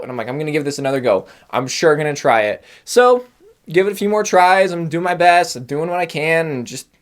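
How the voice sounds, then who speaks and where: Young man, stand-up comedy monologue, rambling, self-mocking, laughs at own jokes, slightly high voice.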